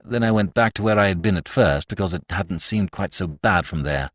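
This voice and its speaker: A man reading a story aloud as a podcast narrator, telling it in an expressive, animated way. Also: deep voice, a little fast, no room sound, clean studio sound. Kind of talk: scripted audiobook narration.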